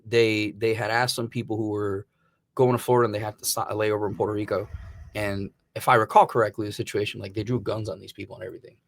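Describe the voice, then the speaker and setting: A man's voice: on the low side, little pitch movement, fast talker, vocal fry, dry recording. A man from Missouri, a podcast host, telling stories in casual chat and swearing freely. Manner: rambling storyteller, swears freely.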